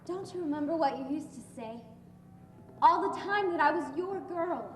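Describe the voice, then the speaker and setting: A woman's voice: sits high, expressive, normal speed, slight background noise. A young woman acting a frightened bride pleading tearfully with her father in a school play. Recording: echoey hall, far-off mic.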